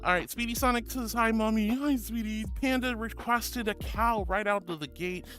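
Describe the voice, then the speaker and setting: A woman's voice: a little high, moderate pace, fairly bright tone, faint music behind. A woman streaming live, chatting casually with viewers in a bubbly, giggly way, calling them honey and sweetie.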